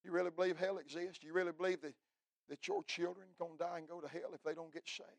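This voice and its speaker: A middle-aged man preaching a fiery revival sermon, swinging from loud cries to hushed telling. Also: a little high, level tone, fast talker, gravelly, no room sound. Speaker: pastor.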